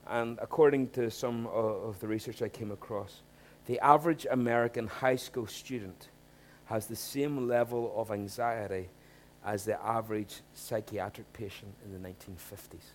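A man preaching a sermon in a conversational way, asking rhetorical questions and swinging from quiet asides to emphatic points. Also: fairly low pitch, steady tone, moderate pace, slight background noise.

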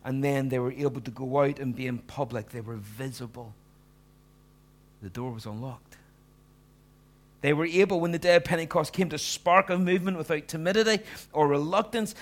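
A man preaching a sermon, acting out the disciples and moving between hushed lines and loud ones. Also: sits high. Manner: animated, acts out the disciples' voices, swings from hushed to loud. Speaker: pastor.

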